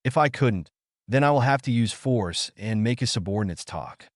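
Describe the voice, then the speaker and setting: Guy doing hotheaded young ninja dude, lively ups and downs, dry sound. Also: mid-range voice, moderate pace, no room sound, lightly acted. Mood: angry. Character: brash young male ninja, hot-tempered and protective.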